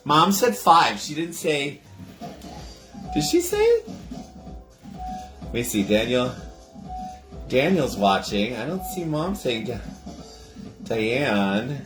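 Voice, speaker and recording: A man's voice: medium pitch, wildly swooping pitch, takes it slowly, long pauses, reverberant, music in the background. A man hosting a casual livestream cocktail show from his home kitchen, chatting with viewers, greeting them by name and laughing often.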